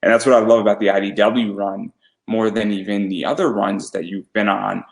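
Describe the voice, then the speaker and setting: A man hosting an interview, asking a long, rambling question slowly. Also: on the low side, fairly even intonation, vocal fry, roomy sound, rough recording. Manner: slow, rambling, sentences chained with "and". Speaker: podcast host.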